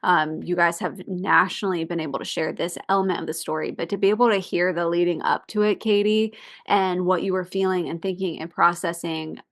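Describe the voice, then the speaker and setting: A woman's voice: lowish voice, steady tone, fairly quick, fairly bright tone. A woman interview host thanking and encouraging her guest in a casual chat.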